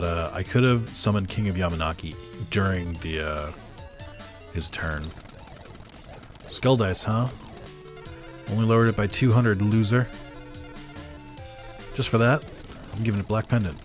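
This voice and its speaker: A young man giving casual let's-play commentary, musing aloud in a laid-back way with little chuckles. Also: low voice. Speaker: gamer.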